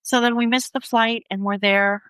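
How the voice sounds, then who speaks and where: A middle-aged woman telling her personal story in an interview, earnest and steady, often acting out the back-and-forth of conversations. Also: on the high side, clear, resonant tone, dry recording, poor audio. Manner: earnest, reenacts dialogue in quick back-and-forth. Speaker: guest, bereaved mother.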